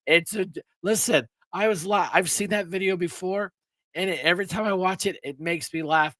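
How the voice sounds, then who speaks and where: A man's voice: high-pitched, a little fast, a bit bright, no echo. A man hosting a casual live-stream chat, rambling and laughing with many restarts, his throat a little sore. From Pennsylvania. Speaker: show host.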